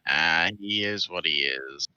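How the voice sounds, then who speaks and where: A man's voice: low voice, slow, over a noisy crowd. A man role-playing a lofty deity in a tabletop game, speaking in a grand tone. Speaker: player. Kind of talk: in-character role-play. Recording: dull lo-fi sound.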